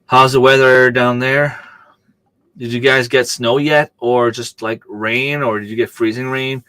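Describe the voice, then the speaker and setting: A man's voice: medium pitch, fairly even intonation, a little slow, sharp tone, smooth, dry recording. A man hosting a casual live stream, rambling in a chatty way and answering viewer comments as he goes.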